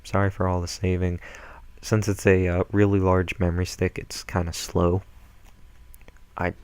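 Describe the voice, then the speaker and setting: A man's voice: sits low, level tone, moderate pace, darkish tone, no room sound, rough recording. A man giving casual gameplay commentary, rambling through tangents with lots of ums and uhs. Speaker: let's play gamer. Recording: home mic with clear background noise.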